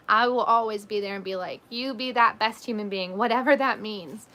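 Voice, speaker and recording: A woman's voice: medium pitch, normal speed, few pauses, bright, forceful tone. A woman in her thirties hosting a casual livestream, chatting loosely with lots of "like" and "um" as she reads out viewer comments. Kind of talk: casual live chat.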